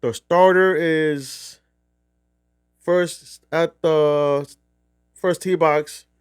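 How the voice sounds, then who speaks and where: A man's voice: fairly high pitch, fairly even intonation, extremely slow, clear, resonant tone, no room sound, clean studio sound. A middle-aged man from New Jersey casually telling a rambling, profane golf trip story. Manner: rambling, profane, restarts often. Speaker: golf vlogger.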